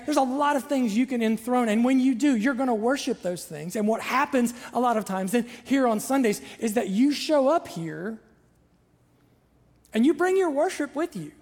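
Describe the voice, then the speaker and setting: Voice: mid-range voice, darkish tone, big-room sound. A pastor from Southern Ohio with a Southern Ohio accent, preaching a sermon in a conversational, joking way and repeating phrases for emphasis. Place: church sanctuary.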